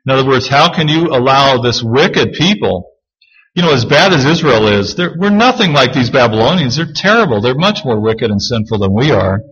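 Husky-voiced man preaching a sermon. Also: medium pitch, expressive, a bit bright, dull audio. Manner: reads scripture aloud slowly, then explains conversationally. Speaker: pastor.

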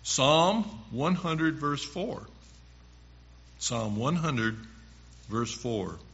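A man preaching a sermon, reading scripture verses slowly with strong emphasis. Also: mid-range voice, lively intonation, a bit bright, dull audio.

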